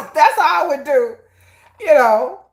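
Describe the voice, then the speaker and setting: Woman livestream host, bright and slightly high voice, chatty storyteller who acts out quotes. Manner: animated storytelling, acts out quotes, laughs often; self-described shy introvert. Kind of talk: casual chat.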